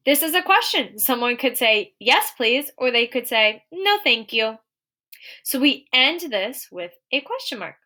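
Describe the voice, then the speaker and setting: A young adult woman teaching a recorded lesson to young children, clear and encouraging, slowing down to read example sentences aloud. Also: sits high, sing-song, sharp tone.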